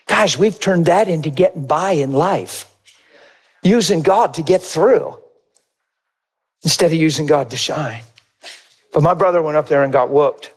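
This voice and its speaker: A middle-aged man delivers a sermon with a somewhat high voice. He tells personal stories with lots of energy and acts out the other people in them with squealing, exaggerated voices. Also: a little slow, long pauses, breathy edge. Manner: animated storytelling, acting out voices in high squeals. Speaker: preacher.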